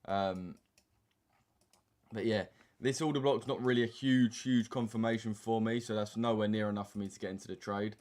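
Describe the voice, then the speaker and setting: Laid-back man, low voice. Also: steady tone, normal speed, darkish tone. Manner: laid-back banter with slang, reading chat aloud. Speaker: trading stream host. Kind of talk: casual live-stream chat over charts. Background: keyboard typing and mouse clicks.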